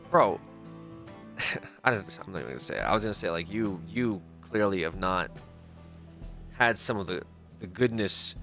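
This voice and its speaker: A man's voice: lowish voice, a bit bright. A man livestreaming a game, talking loosely and jokingly to his chat, swearing and calling them dude. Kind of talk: casual gameplay stream chat.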